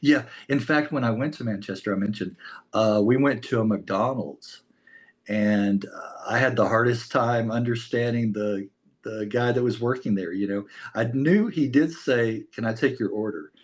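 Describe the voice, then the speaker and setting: American male interviewer, relaxed chatty delivery, laughs easily. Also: mid-range voice, normal speed. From United States. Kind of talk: casual interview chat.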